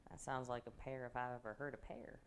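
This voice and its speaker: A man playing a tabletop game, relaxed and joking. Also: mid-range voice, fast, creaky, noisy background. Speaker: player.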